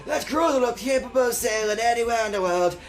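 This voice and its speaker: A streamer voicing an old man from a port town in a game, shouting his lines in a raised voice. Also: expressive, fast talker, soft background music, close to an everyday voice. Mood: shouting, wistful. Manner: shouted, booming read of game text. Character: old male islander NPC, loud and wistful. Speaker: streamer reading game dialogue.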